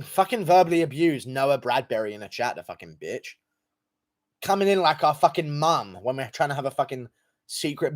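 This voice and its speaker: A man's voice: mid-range voice, a bit bright. A young man livestreaming, reading out donations in crude, profane, mocking banter. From England. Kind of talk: casual live-stream chat.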